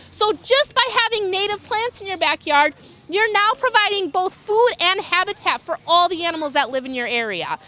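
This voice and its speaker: Lively high-voiced woman giving a lecture. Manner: lively, enthusiastic, imitates owl calls. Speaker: raptor educator. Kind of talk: public lecture.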